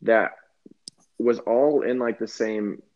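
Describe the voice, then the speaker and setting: A man's voice: fairly low pitch, takes it slowly, muffled recording. A man co-hosting a casual comedy chat, making playful, absurd jokes.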